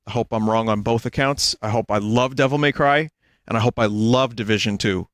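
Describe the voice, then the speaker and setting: A man's voice: mid-range voice, fairly quick, no echo, studio quality. A man streaming a video game, chatting casually in a rambling, self-deprecating way. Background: game music.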